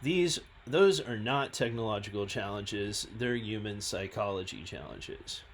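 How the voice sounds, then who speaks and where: A man, a scientist and founder, talking through his own website in a halting, self-deprecating way. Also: on the low side, a little hiss or hum. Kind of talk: reading and commenting on his website.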